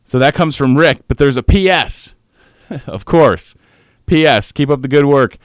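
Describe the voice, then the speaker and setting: A male radio host on his morning show, talking in a halting way and holding back tears, with pauses and restarts. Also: medium pitch, clean tone, no room sound, studio quality. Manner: halting, choked up, pausing often. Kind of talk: on-air morning show tribute. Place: radio studio.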